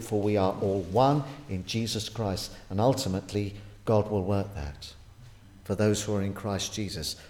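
A man preaching a sermon and reading scripture aloud. He speaks emphatically, swinging from loud, urgent stress down to low, quiet line endings.

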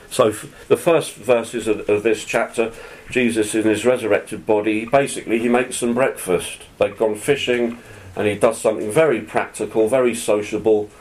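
A man's voice: lowish voice, steady tone, normal speed, darkish tone, slight background noise, low-quality recording. A man preaching a sermon, reading scripture aloud and then explaining it in an earnest, conversational way. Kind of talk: sermon, Bible teaching.

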